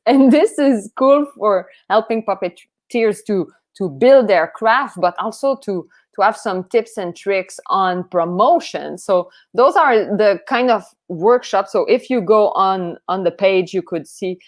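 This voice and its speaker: A woman with a French Canadian accent hosting a live-streamed puppetry podcast, effusive and eager, with halting restarts. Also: medium pitch, animated. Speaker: podcast host.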